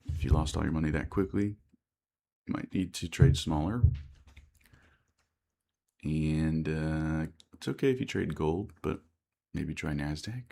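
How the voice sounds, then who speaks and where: A man's voice: rumbling low, unhurried, vocal fry, long pauses, warm tone. An American man commenting on live day trading on a stream, thinking aloud and reading out chat questions. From United States.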